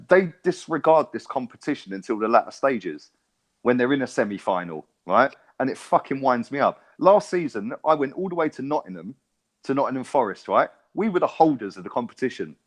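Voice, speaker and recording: On a podcast, an English co-host with a mid-range voice rants about football in casual chat, very animated and at a normal speed. He swears a lot and keeps asking "right?" to check in.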